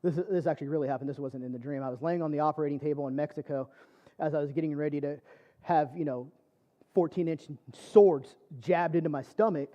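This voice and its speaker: A man's voice: on the high side, fairly even intonation, quick pace, muffled recording. A man preaching a personal testimony sermon, telling his story conversationally with lots of fillers. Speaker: church speaker.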